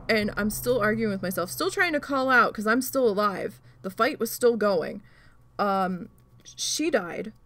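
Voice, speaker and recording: A woman telling a story in a casual chat while crafting, animated and swearing often. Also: on the high side, dry recording. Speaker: channel host.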